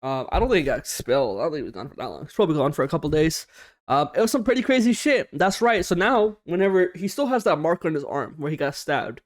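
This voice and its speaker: A young man hosting a casual storytime vlog, slangy and animated, swearing often and acting out what people said. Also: fairly high pitch, fast talker. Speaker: storytime YouTuber.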